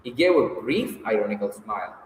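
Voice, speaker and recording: Male audiobook narrator, measured storytelling, roomy echo and faint background hiss. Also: lowish voice, animated. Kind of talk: reading a classic novel aloud. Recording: echoey hall, distant mic, faint hiss.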